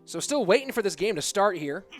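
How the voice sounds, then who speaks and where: High-voiced man casting a game live. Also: animated, brisk. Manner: chatty, talks straight to his chat. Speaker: streamer and tournament caster. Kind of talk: live-stream game commentary. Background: music.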